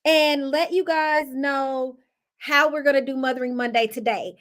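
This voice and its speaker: A woman's voice: high-pitched, steady tone, normal speed, fairly bright tone. A young woman and mother chatting casually to camera, laughing often and talking to her kids now and then. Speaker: vlogger and mother.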